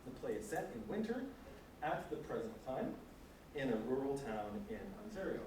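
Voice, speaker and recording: Animated male lecturer with wry asides, recorded far off in an echoey room, faint noise. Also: mid-range voice, moderate pace. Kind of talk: lecture with read passages. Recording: echoey room, distant mic.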